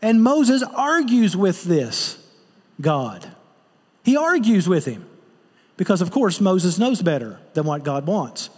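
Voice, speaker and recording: A man with a high voice delivers a sermon, earnest and direct, often turning to rhetorical questions. His voice carries a long reverb, as in a large hall. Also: big pitch swings, slow, a little mellow, husky. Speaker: pastor.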